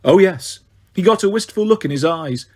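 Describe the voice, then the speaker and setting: A man's voice: high-pitched, animated, moderate pace, darkish tone, breathy edge. A man voicing a whiny spoiled young prince. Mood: complaining. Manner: petulant, complaining. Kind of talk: audiobook character voice.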